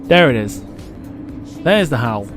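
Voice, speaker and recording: A man's voice: medium pitch, very animated, slow, over music. A man hosting a live flight-sim stream, chatting casually, swearing freely and reading comments aloud.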